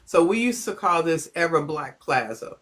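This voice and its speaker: A woman's voice: low voice, sing-song, moderate pace, a bit bright. A middle-aged woman from Chicago telling a personal story on a phone livestream, rambling and stopping to greet viewers. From Chicago, United States. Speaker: host of a livestream.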